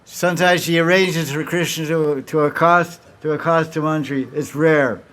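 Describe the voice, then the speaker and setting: Man giving a devotional talk, high voice. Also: fairly even intonation, normal speed, a bit bright. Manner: acts out dialogue of the story, restarts often. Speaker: spiritual teacher. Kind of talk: devotional lecture with questions.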